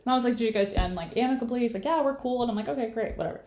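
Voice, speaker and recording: A woman's voice: a little high, racing, a little mellow, a little hiss or hum. A woman in her late twenties, co-hosting a casual podcast chat and animatedly retelling a bad date, acting out both sides of the conversation. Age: late 20s. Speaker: podcast co-host. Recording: echoey room.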